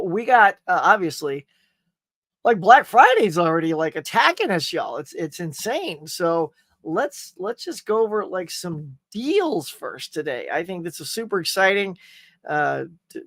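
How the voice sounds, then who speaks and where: A man's voice: sits high, fairly bright tone, no room sound, clean studio sound. A man hosting a live morning pop-culture stream, rambling casually, joking and reading viewer comments aloud.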